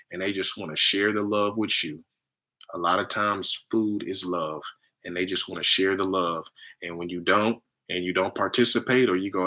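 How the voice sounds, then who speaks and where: A man with a low, bright, forceful voice talks loosely to his listeners. He acts out the people in his stories in high voices and comes back to plain talk in between. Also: normal speed. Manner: animated storytelling, acts out others in high voices; loose conversational slang. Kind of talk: casual spiritual talk.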